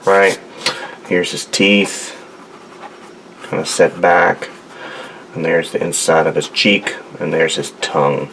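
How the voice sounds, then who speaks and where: Low-pitched and steady, this artist's voice is slow and a bit bright, with vocal fry and frequent pauses. He's rambling casually through a drawing demonstration at his home studio desk, joking and talking to himself as he works, against slight background noise.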